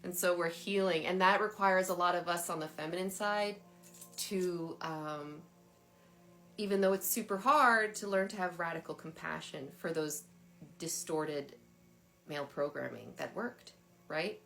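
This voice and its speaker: A woman's voice: lowish voice, a little slow, vocal fry, fairly bright tone, faint music behind. A woman in her thirties hosting a casual spiritual livestream, chatty with frequent laughter and lots of filler words, talking into a phone. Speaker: spiritual dowsing host.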